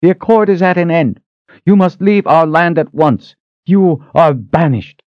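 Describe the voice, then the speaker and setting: A man's voice: a little high, a little slow, no room sound, muffled recording, voice pushed up, close to an everyday voice. A man voicing a stern, commanding queen mother. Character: imperious old queen mother, proud ruler.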